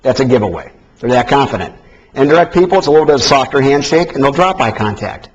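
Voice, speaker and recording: A man teaching a live seminar class in an animated, joking way, swinging between emphatic and soft delivery. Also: medium pitch, fast, slightly rough. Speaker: sales trainer. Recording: dull lo-fi recording.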